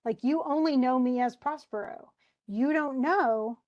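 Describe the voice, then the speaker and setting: A woman teacher with a fairly high voice talks through a play in a relaxed, chatty way. She wanders off onto side topics. She keeps translating old phrasing into simple modern words. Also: measured pace, highs cut off. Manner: chatty and digressive, paraphrasing old text into plain words. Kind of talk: informal lesson explaining a play.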